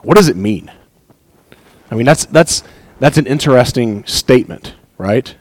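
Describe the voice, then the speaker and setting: A man giving an earnest, animated Bible teaching, reading scripture aloud and commenting on it, often with a light chuckle. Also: medium pitch, unhurried, no room sound, rough recording.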